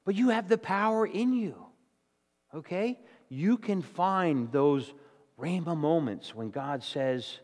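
Chatty preacher in a reverberant hall. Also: male voice, fairly high pitch, expressive, takes it slowly, darkish tone. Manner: conversational, plain-spoken, with frequent "okay?" and "all right?" check-ins. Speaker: pastor. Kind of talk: sermon. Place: church hall with congregation.

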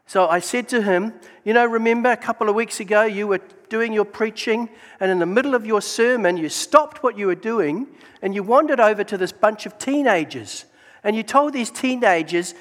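New man, high-pitched storyteller sharing testimony in a reverberant hall. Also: normal speed. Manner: storytelling, animated, exclaims praise. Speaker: Gideons member giving testimony. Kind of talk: church testimony talk.

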